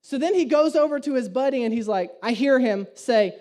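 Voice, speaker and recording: A man's voice: very high voice, expressive, brisk, darkish tone. A man, a pastor preaching a sermon and telling a story with humor and animation. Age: 30s.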